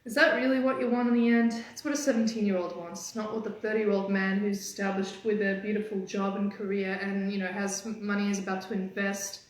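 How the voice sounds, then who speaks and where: Woman, dating coach, upbeat and teasing, live stream pep talk, very echoey room, middle pitch. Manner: energetic, teasing, fast-changing pitch.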